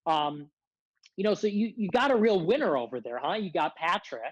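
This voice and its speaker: A man's voice: sits high, very animated, normal speed, no echo, rough recording. A man ranting as a guest on a livestream, confrontational and self-described as a hothead, repeatedly demanding answers. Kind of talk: heated casual rant.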